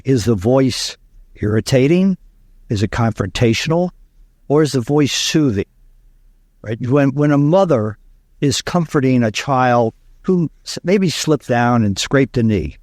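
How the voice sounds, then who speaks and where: Casting: man in middle register, lively storyteller, dry close sound. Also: medium pitch, a little slow, dry recording. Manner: animated, storytelling, uses fillers. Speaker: communication coach, guest. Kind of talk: interview explanation.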